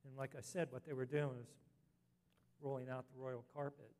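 A man's voice: mid-range voice, little pitch movement, normal speed, darkish tone. A man preaching an earnest sermon as a pastor, rising to emphatic scripture reading.

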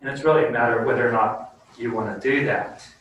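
A man's voice: medium pitch, quick pace, a bit bright, highs cut off. A man preaching a sermon as pastor in an earnest, conversational, plain-spoken way, then leading a prayer. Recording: very echoey room, distant mic, faint background noise.

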